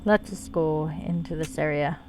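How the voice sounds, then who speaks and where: A woman's voice: deep voice, moderate pace, slight background noise, low-quality recording. A woman giving casual gameplay commentary on her stream, wry and self-deprecating, swearing freely.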